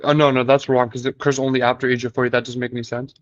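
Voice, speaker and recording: A man's voice: mid-range voice, little pitch movement, racing, no room sound, lo-fi sound. Young man giving short, hesitant answers. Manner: short hesitant answers, asks follow-up questions. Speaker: study partner. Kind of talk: casual quiz study session.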